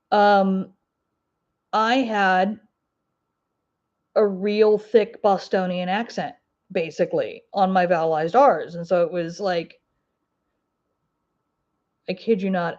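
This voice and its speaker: A woman with an Ozark twang chats casually with her livestream viewers, rambling from thought to thought with plenty of fillers. Her voice sits in a middle register. The stream audio is a little dull and muffled. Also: mid-range voice. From Ozark Mountains, US. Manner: chatty and rambling, with many fillers and laughs. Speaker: crafting livestream host. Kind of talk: casual livestream chat answering viewer comments.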